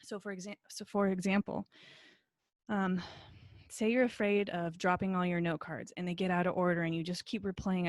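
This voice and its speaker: A woman instructor talks through a recorded video lesson from her computer. Her delivery is friendly and encouraging, with plenty of relaxed fillers. The sound is close and dry. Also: fairly low pitch, moderate pace, no room sound. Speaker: college instructor.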